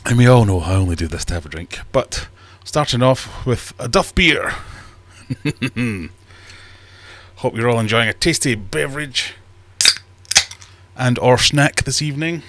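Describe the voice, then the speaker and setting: A man's voice: medium pitch, animated, a little slow, pauses often, a bit bright. A man hosting a casual livestream chat, jokey and self-mocking, a bit out of breath. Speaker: livestream host. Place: home fish room.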